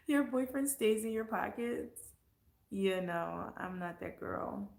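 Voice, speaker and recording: A woman's voice: fairly high pitch, creaky, roomy sound. A woman vlogger chatting casually and answering comments, blunt and profane, getting heated as she talks.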